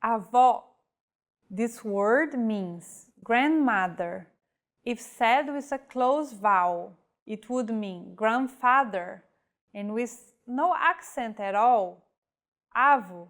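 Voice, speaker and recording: A woman with a slightly high voice gives a scripted pronunciation lesson. She speaks slowly and carefully, pausing over each example word as if spelling it out for a beginner. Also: expressive. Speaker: language teacher.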